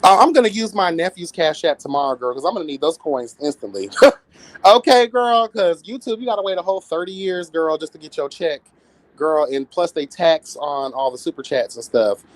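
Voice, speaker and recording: A man in his late thirties hosting a livestream, chatting with viewers in a sassy, campy, animated way. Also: a little high, fairly quick, no room sound. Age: 30s. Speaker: livestream host. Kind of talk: casual chat with viewers.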